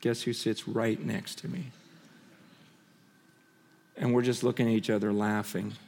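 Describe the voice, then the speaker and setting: A man preaching from a stage, telling personal stories with passion, restarting and repeating himself, moving between loud bursts and hushed asides. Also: on the low side, flat delivery, a little slow, gravelly. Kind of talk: sermon storytelling. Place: on a stage in a large hall. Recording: long reverb of a large hall.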